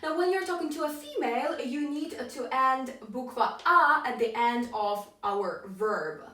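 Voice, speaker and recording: Woman language teacher, slightly high, unhurried, patient; distant, roomy recording. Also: expressive, sharp tone. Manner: patient explaining, modeling phrases with clear rising intonation. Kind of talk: online language lesson. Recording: roomy echo, distant from mic.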